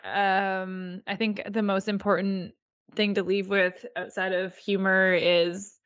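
A woman's voice: medium pitch, level tone, slow, fairly bright tone, dry recording, muffled recording. A woman co-hosting a casual podcast chat, ranting heatedly and swearing. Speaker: podcast co-host.

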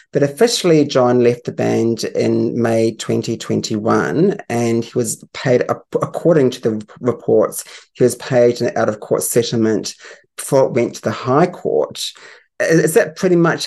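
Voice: medium pitch, creaky, darkish tone. A podcast host with a mid-range voice, talking casually. They sum up the news and then ask the guest questions. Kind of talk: casual chat.

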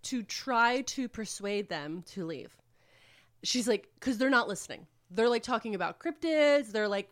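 A podcast co-host with a somewhat high voice, lively intonation, and moderate pace retells a book's plot in a casual recap chat. She rambles, using plenty of filler words and swearing.

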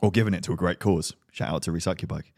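A man's voice: sits low, very fast, darkish tone, no echo, studio quality. A man co-hosting a cycling podcast in casual chat, joking and giggling. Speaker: podcast co-host.

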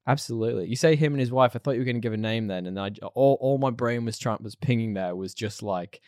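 A man's voice: medium pitch, fast talker, a little mellow, no room sound, studio quality. A man co-hosting a podcast in casual chat, chatty and playful, laughing easily. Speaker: podcast co-host.

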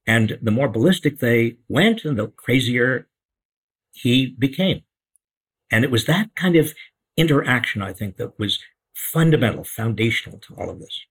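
Husky man with an animated delivery, emphatic political commentator. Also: mid-range voice, moderate pace, low-quality recording. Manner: emphatic, repeats words for stress, lively intonation. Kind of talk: casual political discussion.

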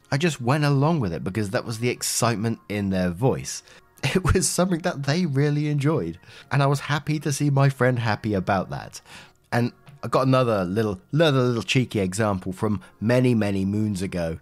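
The host, a man with a fairly low, animated voice, briskly reads an online post aloud before chatting about it casually. His commentary is conversational, peppered with fillers and asides.

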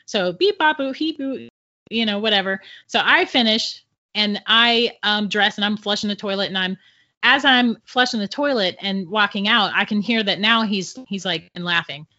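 A middle-aged woman, a podcast guest, telling a personal ghost story in an animated way and laughing often between sentences. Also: medium pitch, normal speed. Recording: dull lo-fi audio.

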